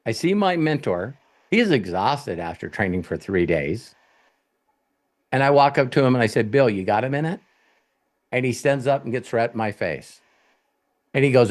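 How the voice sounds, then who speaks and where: Male coach, middle pitch, blunt and profane, animated storyteller. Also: normal speed, long pauses. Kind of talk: live Q&A coaching talk.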